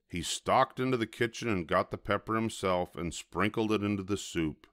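Deep-voiced older man reading a storybook. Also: normal speed, few pauses, dry recording, clean studio sound. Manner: gentle, expressive storytelling.

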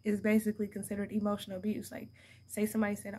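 A woman's voice: medium pitch, little pitch movement, very fast, a little mellow. A young adult woman giving a casual tarot reading to her viewers, blunt and profane, laughing often as she talks. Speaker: tarot card reader.

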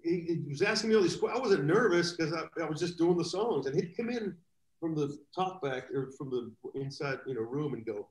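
Man, guest drummer, rambling anecdotes, animated, echoey room, video call. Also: a little high, a little fast. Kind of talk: casual storytelling in a live video chat.

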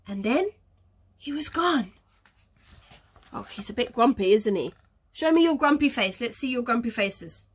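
A woman teacher reading a picture book aloud to young children, animated, gasping and coaxing them to join in. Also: high-pitched, a little slow. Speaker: early years teacher.

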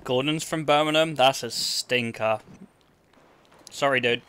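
Playing on a live stream, a man from England with an Essex accent trades blunt, sweary banter with his chat. He talks a little slowly, his voice medium in pitch with a slightly bright, clean tone.

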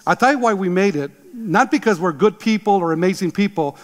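Pastor, man in his 60s, emphatic sermon delivery, high voice, long hall reverb. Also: expressive, brisk. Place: church sanctuary.

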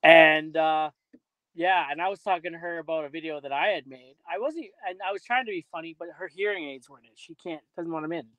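A man hosting a casual podcast in a high, dry-sounding voice. He talks bluntly and swears freely, laughing his way through his stories. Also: a little fast, fairly bright tone, no room sound, poor audio. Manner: blunt, profane storytelling with laughs. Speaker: podcast host.

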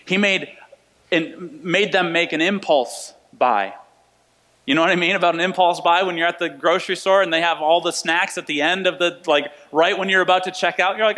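A man's voice: a little high, moderate pace, a bit bright. Man preaching in an echoing church. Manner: conversational, repeats key phrases for emphasis. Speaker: pastor. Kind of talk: sermon. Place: church sanctuary. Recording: long reverb of a church hall.

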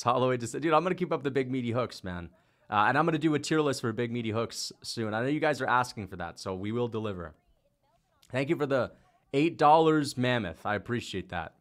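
A man's voice: mid-range voice, moderate pace. A young man hosting a fight-reaction livestream, chatting loosely, swearing and reading out viewer donations. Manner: loose, swears often, excitable outbursts.

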